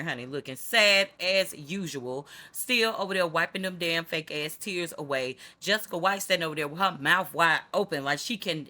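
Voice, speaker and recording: A woman's voice: sits low, pushed and bright. A woman hosting a reality TV recap, talking to viewers in a sassy, slangy, casual way.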